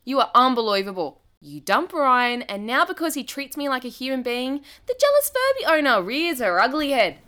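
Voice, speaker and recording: A woman's voice: high-pitched, big pitch swings, normal speed, few pauses, pushed and bright, heavily acted. A woman playing a bubbly young radio host with chirpy on-air patter in a comedy audio drama, exasperated by her sister. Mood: indignant.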